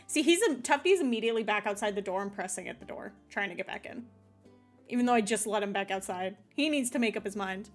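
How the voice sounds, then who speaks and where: A woman's voice: mid-range voice, expressive, quick pace, soft background music. A woman streamer chatting casually over a game and talking to her cat.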